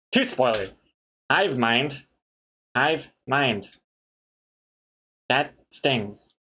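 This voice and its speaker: Guy on a drawing stream chatting with viewers, mid-pitch, laughs at the jokes. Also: lively intonation, extremely slow, long pauses, sharp tone, husky. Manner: chatty, reads chat aloud, laughs at jokes. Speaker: comic artist streamer. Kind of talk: casual live-stream chat.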